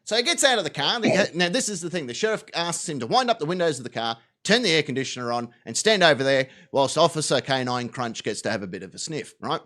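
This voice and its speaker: A man hosting a live talk show, telling a story with lots of swearing and quick character voices. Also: a little high. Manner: animated, profane storyteller doing quick voices.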